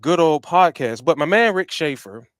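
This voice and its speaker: A man hosting his own podcast, giving energetic, slangy shout-outs that swing between loud bursts and quiet asides. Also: a little high, moderate pace, dry recording. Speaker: podcast host.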